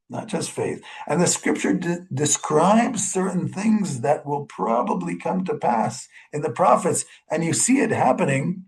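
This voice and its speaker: Gravelly-voiced man giving a sermon. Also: on the high side, darkish tone, poor audio. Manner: conversational, with fillers and retold stories. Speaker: rabbi. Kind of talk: holiday sermon talk.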